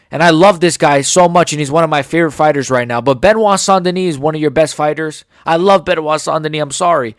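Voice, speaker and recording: A man's voice: fairly high pitch, fairly quick, hardly any pauses, dry recording, clean studio sound. A man in his forties giving a heated, sarcastic reaction rant full of swearing. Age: 40s. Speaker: MMA commentator.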